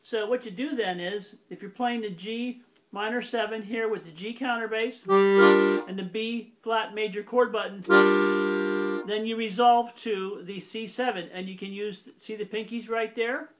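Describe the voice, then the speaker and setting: Over loud accordion music, a man with a high-pitched, steady voice speaks at a moderate pace. He's teaching a casual accordion lesson, going step by step in a plain, methodical way and correcting himself now and then.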